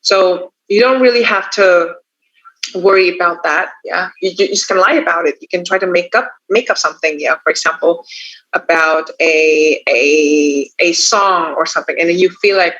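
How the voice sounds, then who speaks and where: A tutor with an Indonesian accent talks through exam tips in a loose, casual way. Phrases keep ending with a quick "yeah" or "you know". The voice sits at a middle pitch, and the recording sounds muffled and lo-fi. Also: sharp tone. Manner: chatty, tacks on frequent "yeah" and "you know". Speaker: English test tutor. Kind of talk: casual teaching talk. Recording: dull lo-fi recording.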